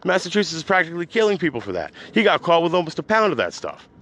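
A man hosting his own podcast, ranting unscripted, agitated and rambling, swinging between loud outbursts and low mutters. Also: sing-song, very fast, background noise. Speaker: podcast host. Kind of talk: unscripted rant.

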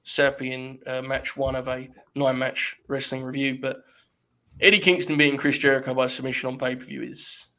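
A man hosting a casual wrestling review podcast, animated and profane, laughing often as he talks. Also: medium pitch, a little fast. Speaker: podcast host.

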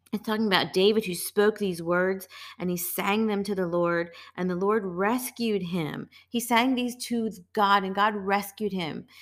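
A woman hosting a casual devotional talk, earnest and emphatic, often repeating phrases. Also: mid-range voice. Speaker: host of a devotional show.

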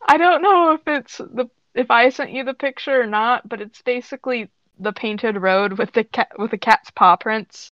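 A woman's voice: fairly high pitch, moderate pace, hardly any pauses, a bit bright, no room sound, muffled recording. A woman co-hosting a podcast, reading a roleplay aloud casually, giggling, stumbling over words and adding jokes. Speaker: podcast co-host.

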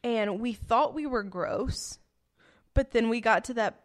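A young woman telling a story in casual chat, animated and full of fillers, laughing often as she goes. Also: a little high, measured pace.

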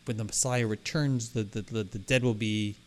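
A man's voice: lowish voice, steady tone, normal speed. A man co-hosting a podcast, telling stories in casual chat, rambling and restarting his sentences often. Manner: rambling, self-interrupting storyteller. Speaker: podcast co-host.

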